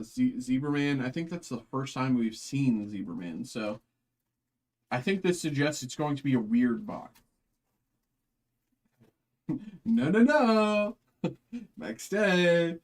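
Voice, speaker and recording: A man's voice: medium pitch, a little mellow. A man hosting a live card-opening stream, chatting in a rambling, casual way with lots of fillers. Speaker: card break host.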